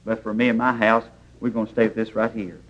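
Folksy preacher on an old tape. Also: male voice, on the low side, flat delivery, quick pace, a bit bright, lo-fi sound. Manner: folksy storytelling preaching, plain rural grammar. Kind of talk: sermon. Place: church.

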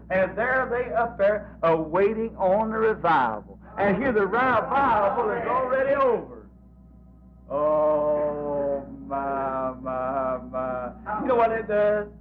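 A man's voice: high voice, expressive, slow pace, phone-quality sound. A man preaching a revival sermon, fervent and folksy, repeating phrases in a rolling rhythm.

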